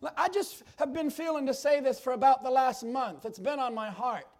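High-voiced man preaching fervently. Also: normal speed. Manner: fervent, swings from loud exclamations to quiet chatty asides. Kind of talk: sermon.

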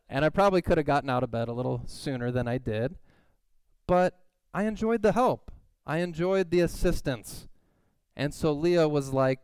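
Smooth-voiced male preacher, dry close sound. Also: a little high, no echo. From California. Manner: animated storytelling, acts out quoted voices. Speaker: pastor. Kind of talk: sermon with personal story.

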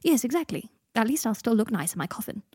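A woman's voice: fairly high pitch, big pitch swings, quick pace, dark tone, husky, no room sound, studio quality. A woman voicing a posh, gloomy young wizard man who talks in a dramatic, sulky way, in a storybook reading. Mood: fretful.

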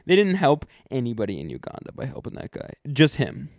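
Young male podcast co-host, mid-pitched, easygoing rambling storyteller, dry close mic. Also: sing-song, fairly quick, no room sound. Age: young adult. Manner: rambling, laid-back storytelling. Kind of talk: casual chat.

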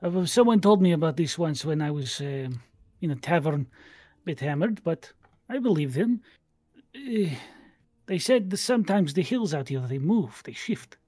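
A man voicing an excitable young male tabaxi sailor who insists on what he saw. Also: fairly high pitch, moderate pace, slightly rough, no room sound, studio quality. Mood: eager.

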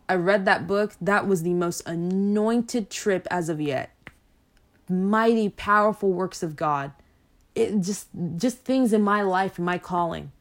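A woman minister telling stories in a rambling, chatty way with many fillers, turning preachy and emphatic. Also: fairly low pitch. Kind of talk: casual faith talk.

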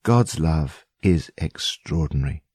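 A man reading scripted devotional commentary in an earnest, steady way with emphatic phrasing. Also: very deep voice, takes it slowly, breathy edge, no room sound, clean studio sound.

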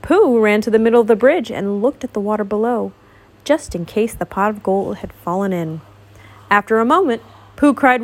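A woman reading a picture book aloud to a child, gentle and expressive, pausing to ask questions. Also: medium pitch. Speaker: storybook reader.

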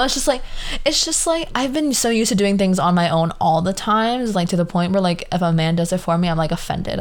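A woman in her early twenties talking casually on her own podcast, tired and yawning, full of "like" and acted-out quotes. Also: lowish voice. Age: 20s. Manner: chatty, lots of "like", animated quoted voices. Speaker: podcast host. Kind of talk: casual solo podcast monologue.

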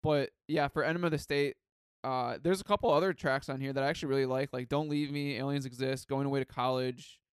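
A man's voice: mid-range voice, steady tone, fast, clear, resonant tone, no room sound, clean studio sound. A man hosting a podcast, chatting casually and eagerly, leaning on "like" as he rambles. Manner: enthusiastic, rambling, says "like" often. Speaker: podcast host. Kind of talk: casual chat.

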